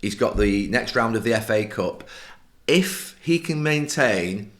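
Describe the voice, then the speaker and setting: A middle-aged man with a fairly low voice, talking football on a podcast. He lays out tactics at length in a firm, emphatic way, sure of his opinions. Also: animated, unhurried, a bit bright. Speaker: podcast co-host, football pundit. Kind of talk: casual football discussion.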